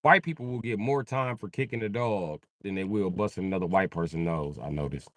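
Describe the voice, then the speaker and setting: A man's voice: deep voice, a little fast, no room sound, studio quality. A young man riffing crudely on a live comedy stream, jumping into voices. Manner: crude, animated, jumps into voices.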